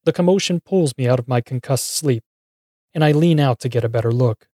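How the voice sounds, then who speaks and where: A man narrating a first-person horror story with wry, dramatic timing. His voice is dark and warm, and the recording is dry and close with no room sound. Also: medium pitch, a little fast, no echo.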